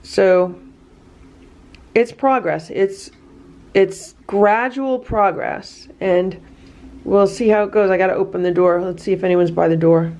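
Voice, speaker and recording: A woman's voice: medium pitch, measured pace, a little mellow. A woman vlogging casually at home about her rescue cats, explaining what they do and talking sweetly to them. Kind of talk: casual narration to camera. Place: home indoors.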